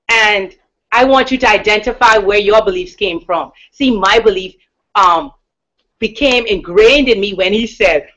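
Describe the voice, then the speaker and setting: A woman from the Bahamas with a deep, powerful voice gives an emphatic, encouraging motivational talk as a mindset coach. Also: animated, fairly bright tone. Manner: emphatic, encouraging, with slow stressed words. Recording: dull lo-fi recording.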